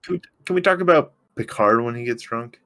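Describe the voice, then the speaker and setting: A man co-hosting a podcast, recapping a TV episode in casual, excitable chat, swearing freely. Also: mid-range voice. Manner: excitable, swearing, recapping scenes with quick impressions. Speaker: podcast co-host.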